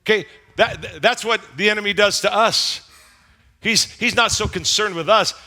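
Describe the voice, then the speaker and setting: A male pastor preaching to a congregation with a high, very bright, ringing voice. He tells the story with animated energy, acting out the lines and bursting into shouts. He keeps pulling the room in, asking them to call out answers. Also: normal speed. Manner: animated, dramatizing scripture with acted voices and shouts; calls on the congregation to answer along. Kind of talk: sermon. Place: church sanctuary before a congregation.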